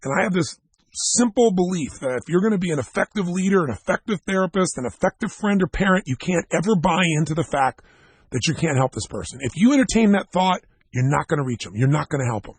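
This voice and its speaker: A man speaking at a self-help seminar, telling stories emphatically and talking straight to his listeners in a gravelly, husky voice. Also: high voice, expressive, fast talker, dry recording. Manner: emphatic storytelling, direct address to listeners.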